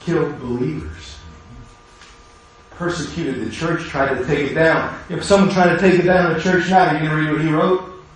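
A male pastor delivers a sermon in a church sanctuary, his slightly high voice washing through a heavily reverberant room. He moves from hushed asides to rising exhortation. A faint ambience sits underneath. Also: fairly even intonation, normal speed, a little hiss or hum.

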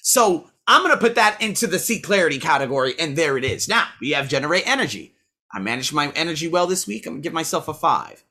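A man's voice: a little high, very animated, fast talker, sharp tone. A man who teaches, talking through a casual weekly self-review, rambling and blunt, swearing freely as he scores himself aloud.

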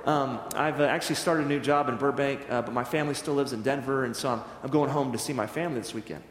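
A man's voice: mid-range voice, fast talker. A man who is a Presbyterian minister, telling a story in a sermon and acting out the dialogue. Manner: animated storyteller, acts out dialogue. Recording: echoey church hall with long reverb.

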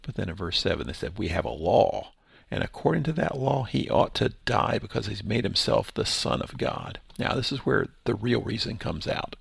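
Gravelly-voiced pastor guy doing a bible study podcast, lively up-and-down delivery, dry sound. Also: on the low side, normal speed, dry recording. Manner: reads scripture then explains it conversationally.

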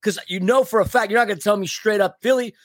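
A man's voice: sits high, fast talker, no room sound, clean studio sound. A man co-hosting a casual soccer podcast, speaking emphatically and with strong opinions. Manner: emphatic, opinionated fan talk. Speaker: podcast co-host. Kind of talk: casual chat.

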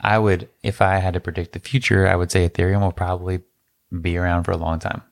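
A man co-hosting a casual podcast with a very low voice, explaining topics in a flat, laid-back manner. The sound is close and dry. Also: fast, vocal fry, dry recording. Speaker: podcast co-host.

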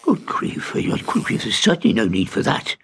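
A man's voice: medium pitch, very animated, measured pace, creaky, a little hiss or hum. A man voicing a polite, formal, flustered inventor shrunk to a tiny fly in a storybook reading. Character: tiny, polite, fussy male inventor, part-mayfly.

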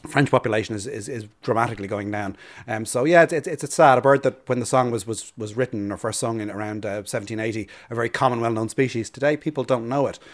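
An Irish man, a bird expert and radio guest, explaining keenly in casual chat, often restarting and repeating words. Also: mid-range voice. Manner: fast, eager, with many restarts and repeated words.

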